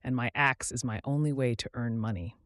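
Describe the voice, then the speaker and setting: A man's voice: mid-range voice, a little fast, fairly bright tone, no echo, studio quality, natural voice. A man voicing a poor, honest male woodcutter in a storybook tale, speaking earnestly.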